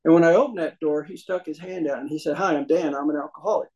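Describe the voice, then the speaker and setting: A man tells his life story to a meeting audience. His voice sits a little above the usual male pitch. He talks in a folksy, humorous way and acts out the voices of the people he quotes. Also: fast, a little mellow, highs cut off. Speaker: speaker sharing his recovery story.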